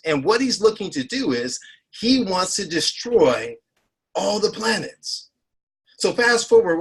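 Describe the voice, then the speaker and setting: A man's voice: a little high, fairly bright tone. A man in his forties, a heart doctor giving a health talk, telling a story with emphatic repeated phrases. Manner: storytelling, rising to emphatic peaks. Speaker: cardiologist speaker.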